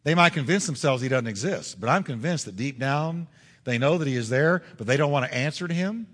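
A man's voice: medium pitch, lively intonation, brisk, fairly bright tone, in a large hall. A male pastor preaching a sermon in a church, emphatic and full of rhetorical questions. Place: church sanctuary.

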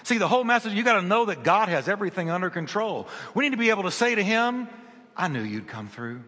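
Pastor guy preaching, bright high voice, big echoey hall. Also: fast talker. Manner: animated storytelling preacher, repeats phrases for emphasis. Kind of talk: sermon.

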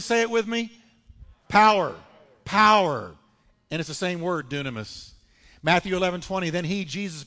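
A man preaching a sermon as pastor, with emphatic, drawn-out phrases and call-and-response with the congregation. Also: high-pitched, fairly bright tone, in a large hall. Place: church sanctuary.

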